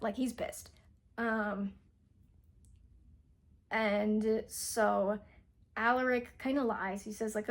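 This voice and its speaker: A woman's voice: mid-range voice, fairly even intonation, drawn-out words, long pauses. A young adult woman casually recapping a novel's plot as a book reviewer, rambling and saying "like" constantly. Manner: rambling, heavy use of "like".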